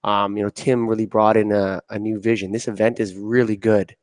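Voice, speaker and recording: A man hosting a casual podcast interview, talking in a relaxed, rambling way with lots of ums and you-knows. His voice is fairly low, recorded dry and close with no room echo. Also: fairly quick. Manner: easygoing, many fillers, acts out quotes. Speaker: podcast host. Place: conference venue.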